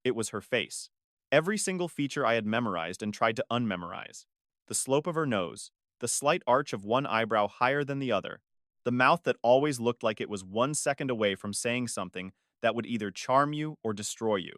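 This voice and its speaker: A man of middling pitch narrating a first-person drama, measured and confessional. The delivery is steady and deliberate. His voice is dry and close, with no room sound around it. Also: no echo. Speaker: storyteller.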